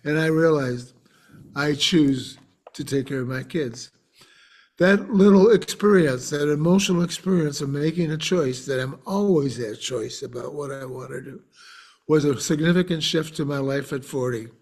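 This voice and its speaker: A man who is a podcast guest and author, telling a personal story in an earnest, animated way with frequent restarts. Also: fairly high pitch, moderate pace.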